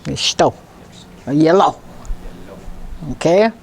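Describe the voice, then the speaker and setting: A woman language teacher giving a classroom lesson, speaking slowly and deliberately and repeating words syllable by syllable. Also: deep voice, creaky, darkish tone, a little hiss or hum.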